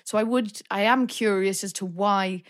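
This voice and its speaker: A woman's voice: medium pitch, fairly even intonation, normal speed. A British woman co-hosting a podcast, chatting about films with lots of fillers and acted-out quotes. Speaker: podcast co-host. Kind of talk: casual film discussion.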